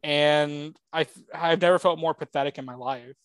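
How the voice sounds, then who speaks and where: Man, podcast co-host, somewhat high voice, dry close sound, rambling casual chat, lots of ums, excitable fan. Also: moderate pace, clear, resonant tone, no echo. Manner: rambling, with frequent filler words.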